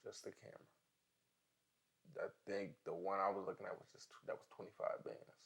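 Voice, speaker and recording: A young man who shoots videos, chatting casually in slang, relaxed and at times animated. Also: low-pitched, fairly quick, creaky. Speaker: video director. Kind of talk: casual chat.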